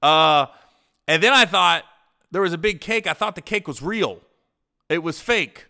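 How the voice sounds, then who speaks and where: A man's voice: fairly high pitch, lively intonation, unhurried, gravelly, sharp tone. A man hosting a podcast, telling rambling comic stories with swearing and frequent laughter. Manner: rambling comedic anecdotes, profane, laughs often. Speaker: podcast host. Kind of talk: casual storytelling.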